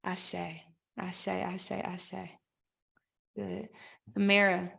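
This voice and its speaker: Moderator: woman closing a panel, gentle and affirming, lots of ums, video call. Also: medium pitch, monotone, very slow, creaky.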